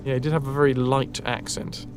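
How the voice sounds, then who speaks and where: A man with a northern English Yorkshire accent chats away while he plays, musing aloud and answering his viewers. His voice sits at an ordinary middle pitch. Faint music plays behind him. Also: flat delivery, brisk. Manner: chatty, reads out and answers chat messages, muses aloud. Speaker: streamer. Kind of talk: casual live-stream chat while gaming.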